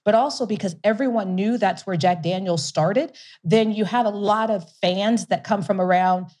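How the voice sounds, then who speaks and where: Speaking at a moderate pace with a medium pitch and a darker tone, this middle-aged woman is being interviewed about founding a whiskey company and investing. She tells her story energetically, often laughing and beginning sentences again.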